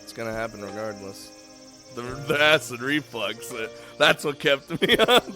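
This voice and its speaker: A man's voice: mid-range voice, lively intonation, moderate pace, bright, forceful tone, soft background music. A man streaming a game live, rambling and laughing often, casually swearing, just woken up and yawning.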